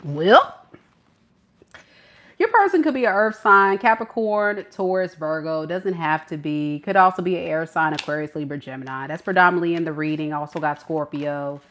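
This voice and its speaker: Speaking at a moderate pace in a low register, this female tarot reader addresses the camera. Her delivery is lively and teasing, peppered with slang and lots of laughing.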